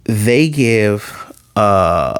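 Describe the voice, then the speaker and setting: A man giving a casual anime episode review. He retells scenes in an animated way, using "like" a lot and often restarting his sentences. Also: lowish voice, extremely slow, a little hiss or hum.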